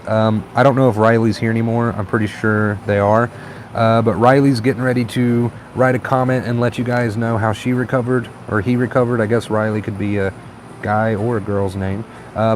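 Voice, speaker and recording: Relaxed man hosting a live chat. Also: lowish voice, slight background noise. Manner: relaxed, encouraging, reads viewer comments aloud. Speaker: livestream host. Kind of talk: casual live-stream chat reading comments.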